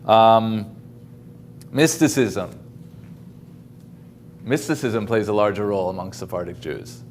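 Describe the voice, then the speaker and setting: A man's voice: lowish voice, slow, a little hiss or hum. A man giving a casual talk over a video call, with many ums and restarts. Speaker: guest speaker. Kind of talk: informal lecture.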